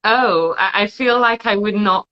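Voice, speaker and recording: A woman podcast host interviewing her guest, lively and often restarting her words. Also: medium pitch, unhurried, muffled recording. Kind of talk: casual video-call interview.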